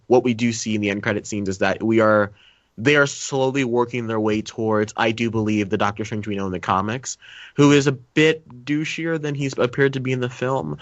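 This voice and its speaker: A man hosting a casual podcast about films, talking in quick, animated bursts with a sarcastic edge. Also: on the low side, dry recording. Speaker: podcast host. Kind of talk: casual film review chat. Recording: dry, slightly dull sound.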